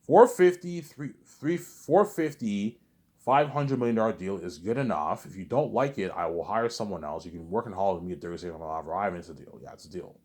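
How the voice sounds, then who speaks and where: A man's voice: low voice, expressive, quick pace, few pauses. A man rambling in a casual vlog monologue, boastful and repetitive, swearing freely. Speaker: vlogger.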